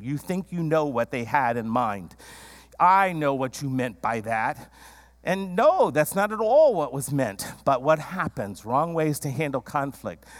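A man preaching a sermon in a conversational way, with frequent "um" fillers, acting out quoted voices and dropping low and slow to show a calm tone. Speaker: pastor.

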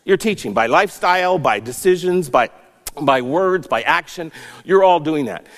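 A man's voice: a little high, animated, moderate pace, a bit bright, long reverb tail. A man preaching a sermon as a pastor, earnest, rising and falling for emphasis.

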